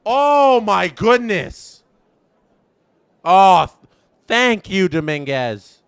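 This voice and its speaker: High, gravelly man calling a game. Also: very animated, extremely slow, no room sound. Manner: announcer-style play-by-play call; emotional, swinging between shouting and stunned murmurs. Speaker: fan streamer calling the game. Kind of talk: live fan reaction commentary.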